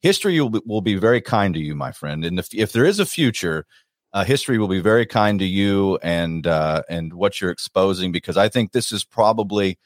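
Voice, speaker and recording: Male interview host, deep and dry-sounding, emphatic delivery. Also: animated, fairly quick, dry recording. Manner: emphatic, acting out other people's words in a higher voice. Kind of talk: casual interview talk.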